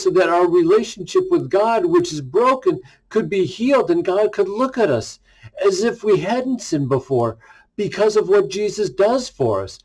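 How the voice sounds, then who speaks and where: A man with a fairly high voice leads a short daily devotion as a pastor. He reads a scripture passage, then retells it in everyday, conversational language, talking directly to his listeners. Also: a little mellow, poor audio.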